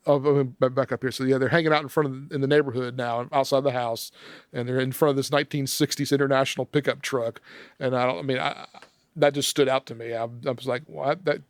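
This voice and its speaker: A man's voice: mid-range voice, dry recording, studio quality. A man recapping a movie scene by scene from his notes in a casual podcast chat, laughing often. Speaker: film discussion podcast member.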